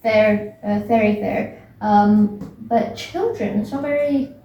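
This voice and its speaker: A woman's voice: medium pitch, slow, lo-fi sound, slight background noise. A young woman casually retelling a book's plot, rambling with many fillers and restarts. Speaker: book recap vlogger. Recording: echoey room, voice from a distance.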